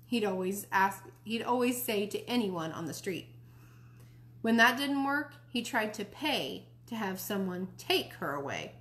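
A woman reading a children's novel aloud for a library, in a lively, expressive way. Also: medium pitch, measured pace. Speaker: library storytime reader. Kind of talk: read-aloud storybook narration.

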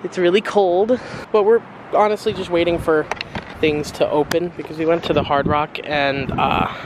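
A man's voice: on the high side, fairly even intonation, normal speed, background noise. A young man vlogging casually at the seaside, joking around and breaking into laughs. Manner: laid-back, jokey, breaks into laughs. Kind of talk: casual vlog chat. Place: seaside hotel and beach, outdoors.

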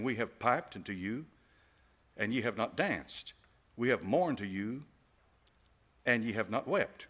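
A man's voice: medium pitch, fairly bright tone. A male pastor preaching a sermon, emphatic, punching key phrases and asking the congregation rhetorical questions. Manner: emphatic, rises to stressed phrases.

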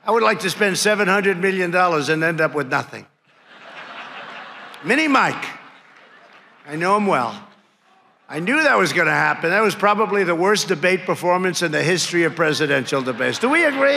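A man's voice: sits high, lively intonation, moderate pace, gravelly, long pauses, sharp tone. A man in his seventies giving a political rally speech, boastful and mocking, repeating his punchlines and tossing out nicknames from a podium microphone. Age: 70s. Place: large conference hall before a crowd. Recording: hall reverb with crowd and room noise.

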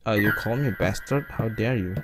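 A young man giving rambling let's-play commentary, yelling at the characters on screen. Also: fairly low pitch, a little fast. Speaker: gaming commentator.

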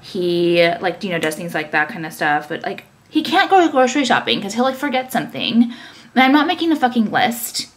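A woman's voice: mid-range voice, sing-song, fairly quick. Ranting young woman, filler-heavy. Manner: ranting, frequent "like" fillers, swearing. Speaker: vlogger and business owner. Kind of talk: casual chat to camera.

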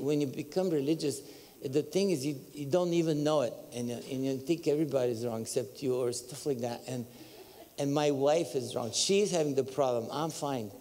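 A man preaching a story-filled sermon, animated and excitable, now and then breaking into high whoops and laughter. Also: long reverb tail. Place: church sanctuary.

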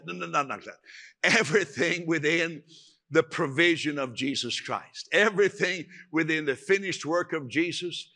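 An older man preaching a sermon as pastor, emphatic and animated, acting out quotes along the way. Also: fairly high pitch, moderate pace.

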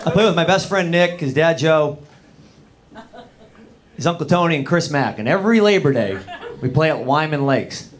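A man's voice: fairly high pitch, expressive, moderate pace, long pauses. A man doing stand-up comedy in the back room of a bar, rambling about his small-town life and talking straight to the audience. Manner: rambling small-town persona, talks to the crowd. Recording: live crowd in a bar. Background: audience laughing.

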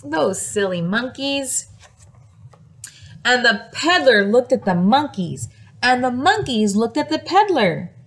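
A woman teacher reading a picture book aloud to young children, expressive, gasping and asking them questions. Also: fairly high pitch, slow. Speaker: preschool teacher.

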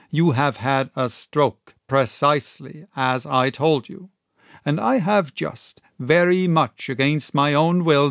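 Male reader playing a stern, brusque doctor, crisp and commanding, dry close sound. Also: a little high, no echo. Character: brisk, stern country doctor, middle-aged man.

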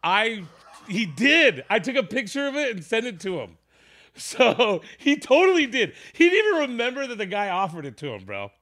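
A man's voice: high-pitched, moderate pace. A man hosting a podcast, telling a long comedy anecdote in a casual, profane way and acting out the people in it. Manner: animated, profane, acts out voices in his stories. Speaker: podcast host. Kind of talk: casual storytelling.

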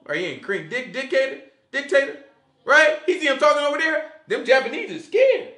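A man's voice: very high-pitched, fairly quick, reverberant. A man giving a casual Sabbath Bible teaching, in a loose, slangy way, often asking "you know what I'm saying?" and acting out quoted voices. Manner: animated, acts out quoted voices and laughs along.

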